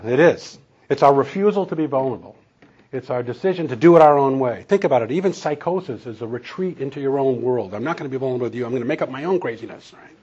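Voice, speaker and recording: A man's voice: medium pitch, dark tone, husky, lo-fi sound. A man preaching a sermon in a conversational, storytelling way, chuckling now and then. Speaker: pastor and counselor.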